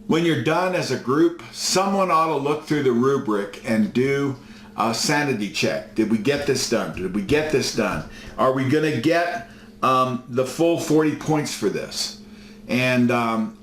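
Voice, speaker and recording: A man's voice: mid-range voice, a little slow, fairly bright tone. A male professor giving a recorded course lecture, folksy and full of fillers as he tells stories. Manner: folksy storytelling with many fillers. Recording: echoey room, faint noise.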